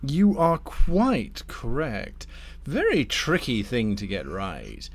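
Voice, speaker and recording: Guy doing a smooth polite devil making shady deals, voice swoops up and down a lot. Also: mid-range voice, wildly swooping pitch, slow pace, heavily acted. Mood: scheming. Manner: polite, silky, courteous menace. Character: smooth scheming male devil dealmaker.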